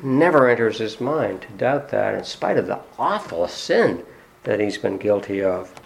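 A man's voice: lowish voice, big pitch swings, a little slow, vocal fry. Conversational male preacher with rhetorical questions. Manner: frequent "uh" fillers. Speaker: pastor. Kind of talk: sermon.

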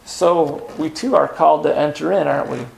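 A man preaching a sermon in an earnest, unhurried way, pausing with "uh" and asking rhetorical questions. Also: on the high side, fairly even intonation, vocal fry, a little mellow. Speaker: pastor.

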